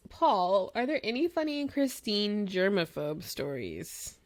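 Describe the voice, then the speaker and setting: A woman co-hosting a podcast, chatting and asking questions in a relaxed, rambling way. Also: mid-range voice, takes it slowly. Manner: chatty, many fillers and restarts. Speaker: podcast co-host. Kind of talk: casual chat.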